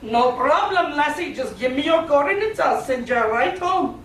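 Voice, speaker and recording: A woman voicing a calm, reassuring male starship engineer, recorded from far off in an echoey, noisy hall. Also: high voice, moderate pace.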